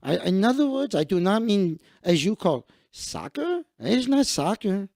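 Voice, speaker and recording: A man's voice: high-pitched, very animated, moderate pace, creaky, a little mellow, no room sound, clean studio sound, heavily acted. A man voicing an eager young Mexican man who wants to play football, speaking broken English in a put-on Mexican Spanish accent. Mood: earnest. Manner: broken English, earnest and boastful.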